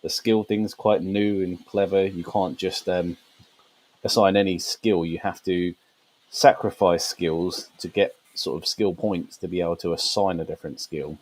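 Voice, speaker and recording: A man's voice: low voice, fairly even intonation, measured pace, darkish tone, rough recording. A man co-hosting a gaming podcast, explaining at length with fillers and frequent laughs. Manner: laughs often, meandering explanations with many fillers. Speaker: podcast co-host. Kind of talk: casual podcast chat.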